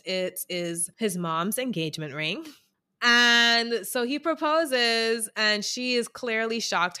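Woman podcast co-host, bright lively voice, swears freely, casual recap. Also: medium pitch. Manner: animated, laughs often, swears casually.

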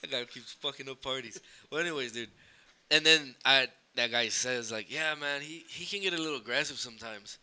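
Young man, bright voice, lively swearing storyteller who drops in Spanish. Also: medium pitch, brisk, clear, resonant tone. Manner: animated, swears freely, mixes in Spanish phrases. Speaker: podcast guest storyteller. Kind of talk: casual storytelling chat.

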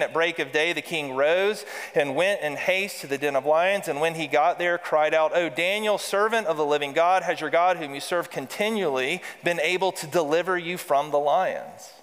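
Pastor preaching in a reverberant hall. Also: male voice, on the high side, a bit bright. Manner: calls congregation to repeat lines; reads scripture aloud with emphasis. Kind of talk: sermon.

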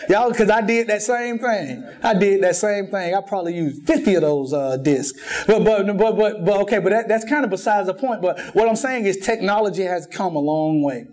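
A man preaches in a church sanctuary with a high voice at a moderate pace. The sermon is lively storytelling, packed with jokes and repetition.

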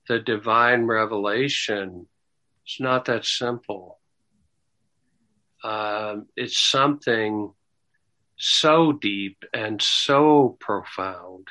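A man gives a Bible teaching at a very slow, halting pace, repeating words and pausing often. His voice is bright and forceful, and it builds to emphatic, rising stresses. His delivery is sermon-like, with apologetic asides. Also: medium pitch, rough recording. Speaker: Bible teacher answering questions.

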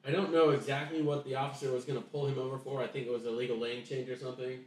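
A man's voice: mid-range voice, level tone, racing. Man telling a story from across an echoey room. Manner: rambling, with many restarts and reenacted dialogue. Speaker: podcast guest telling a story. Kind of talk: casual storytelling chat. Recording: echoey room, voice distant from mic.

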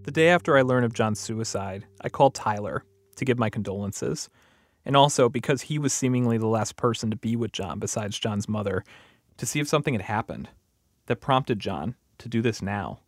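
A man hosting the program, calmly narrating a scripted account and interviewing a caller. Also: fairly low pitch, no echo, studio quality. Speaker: host and narrator.

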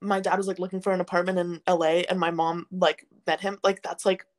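A woman's voice: on the low side, little pitch movement, brisk. A young woman co-hosting a casual podcast chat, rambling with lots of filler words and giggling. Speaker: podcast co-host.

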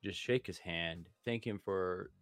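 A young man talks in an easygoing, meandering way on a casual podcast, often pausing mid-sentence to find the right word. His voice sits on the low side. The sound is dry and close, with faint music underneath. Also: a bit bright, no room sound. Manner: easygoing, rambling, searches for words. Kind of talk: casual chat.

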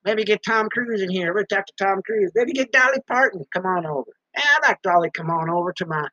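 A man rambling host, bright and high. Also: animated, fairly quick, no room sound. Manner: talks about himself in third person, repeats words. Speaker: podcast host. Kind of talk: rambling casual monologue. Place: basement. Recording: dull muffled sound.

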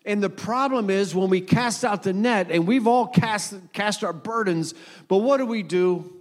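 Man in his sixties preaching, higher voice. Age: 60s. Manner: earnest storytelling preacher, slows down for scripture. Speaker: pastor. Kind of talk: sermon. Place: church.

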